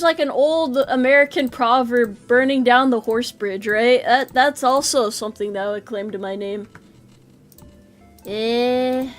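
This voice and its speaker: High-voiced woman rambling while streaming. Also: a bit bright. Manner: rambling, self-deprecating jokes, nervous laughs. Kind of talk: casual game livestream chat.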